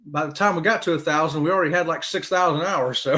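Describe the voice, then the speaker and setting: A middle-aged man, hosting a casual live-stream chat and talking straight to his viewers. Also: fast talker. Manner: animated, talks straight to viewers with "y'all", swoops high for emphasis. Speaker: host of a live cruise chat show.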